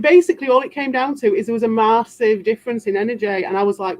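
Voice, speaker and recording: A woman's voice: on the high side, quick pace, a little mellow. A British woman livestreaming and answering her chat, rambling defensively and tossing in sarcastic asides. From Britain. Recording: dull lo-fi sound.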